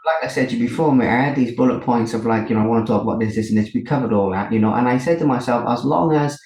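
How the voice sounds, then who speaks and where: Fast-talking man on an echoey call. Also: mid-range voice, a little mellow. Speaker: podcast host. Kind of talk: casual chat on a video call. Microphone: video call.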